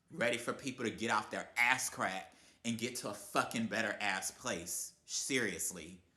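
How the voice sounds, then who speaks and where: A man's voice: fairly low pitch, sharp tone, roomy sound. A man giving a blunt, heated motivational rant to camera, swearing constantly. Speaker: vlogger.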